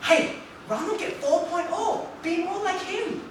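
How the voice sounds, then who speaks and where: A man's voice: very high voice, unhurried, a little hiss or hum, voice pushed up. A man voicing a strict middle-aged immigrant father who compares his son to others, speaking clipped broken English. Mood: proud, pushy. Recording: echoey stage recorded from far off.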